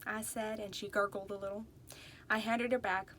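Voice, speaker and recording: Folksy drawling woman reading a storybook, bright voice. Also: medium pitch, level tone, normal speed, slight background noise. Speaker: audiobook narrator. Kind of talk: first-person storybook narration.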